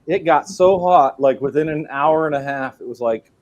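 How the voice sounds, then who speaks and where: A man appearing as a guest on a live podcast, telling things in an easygoing, quick way. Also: a little high, darkish tone, dull audio. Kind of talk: casual live-stream chat.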